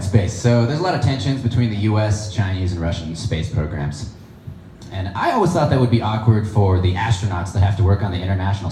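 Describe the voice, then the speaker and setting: A man's voice: on the low side, mellow. A young man doing a stand-up comedy set on stage, with chatty, nerdy, self-deprecating delivery. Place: comedy stage before an audience. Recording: echoey room with noise.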